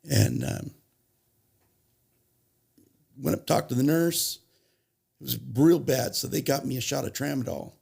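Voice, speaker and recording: A man telling his recovery story as a podcast guest, halting and restarting as he goes, plainly moved as he recalls it. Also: medium pitch, vocal fry, a little mellow, breathy edge. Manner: halting, restarts and self-corrections, emotional retelling. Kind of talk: personal storytelling.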